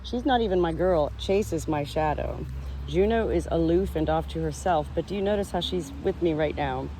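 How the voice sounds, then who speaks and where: A woman's voice: low voice, moderate pace, dark tone, a little hiss or hum, rough recording. A woman vlogging on her farm, talking earnestly to the camera and to her animals as she walks. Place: outdoors on a farm, then indoors with animals.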